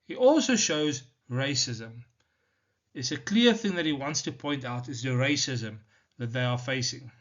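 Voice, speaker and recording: A male teacher from South Africa explaining a poem in a deliberate, step-by-step lesson, with many "so" and "now" turns. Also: medium pitch, expressive, a bit bright. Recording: slightly dull lo-fi recording.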